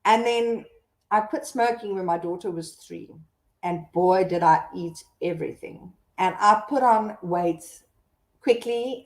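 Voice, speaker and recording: A South African woman in her thirties, hosting a casual live stream and chatting candidly with viewers as she reads their comments. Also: on the low side. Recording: roomy echo.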